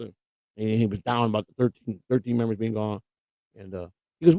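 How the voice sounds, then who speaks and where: A man's voice: medium pitch, very fast, a little mellow, no room sound. A middle-aged man hosting a live stream, rambling and combative in casual chat. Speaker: livestream host.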